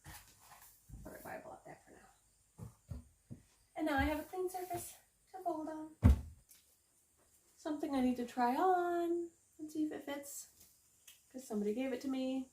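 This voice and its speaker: A woman's voice: high-pitched, measured pace, long pauses, dark tone, reverberant, slight background noise. Chatty woman tidying her bedroom. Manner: chatty, self-mocking, talks to viewers. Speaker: home cleaning vlogger. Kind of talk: casual vlog narration while tidying. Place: bedroom at home.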